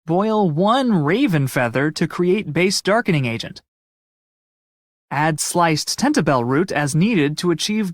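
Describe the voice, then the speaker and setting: A woman's voice: lowish voice, no room sound. A woman voicing a clumsy, good-natured young male lab assistant in a game, quippy and mildly sarcastic. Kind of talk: video game voice acting.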